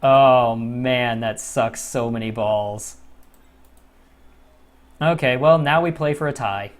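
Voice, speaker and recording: Man, let's-play commentator, slow deliberate talk, casual cursing, frustrated outbursts. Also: mid-range voice. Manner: casual, swears freely, swings from muttering to frustrated outbursts. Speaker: gaming channel host.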